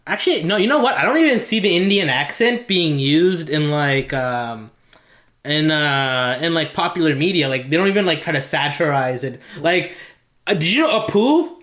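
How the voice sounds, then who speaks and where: A young man co-hosting a podcast in casual chat, rambling and animated, swearing freely as he tells stories. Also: a little high, normal speed, echoey room. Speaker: podcast co-host.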